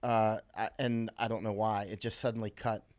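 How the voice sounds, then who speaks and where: A man's voice: fairly low pitch, level tone, normal speed, a little mellow. An American man hosting a live stream, chatting casually and rambling with many fillers and restarts as he reads viewer comments aloud. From USA.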